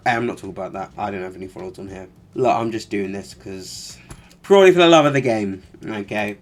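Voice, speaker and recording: Exasperated sarcastic male commentator. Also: fairly low pitch. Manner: exasperated, sarcastic, lots of fillers. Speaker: commentary vlogger. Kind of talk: casual reaction commentary.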